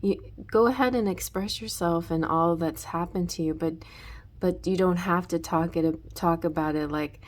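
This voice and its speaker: A woman's voice: fairly low pitch, normal speed. A woman giving a casual tarot reading in a rambling way, full of restarts and "you know". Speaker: tarot reader.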